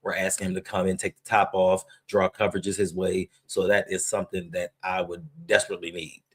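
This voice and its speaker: A man with a very low, husky voice co-hosts a live stream. He gives sports analysis in a steady, self-assured way that stays casual. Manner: confident, opinionated, measured.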